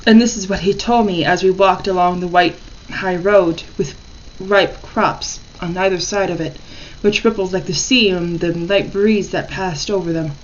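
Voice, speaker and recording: A woman's voice: on the low side, steady tone, moderate pace, highs cut off, a little hiss or hum. Woman reading a horror story.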